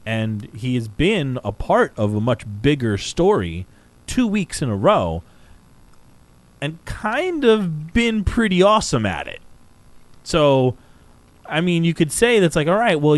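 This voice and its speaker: Animated man in casual podcast chat. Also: no room sound, rough recording. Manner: animated, swearing, pitch jumping up when excited. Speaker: podcast co-host.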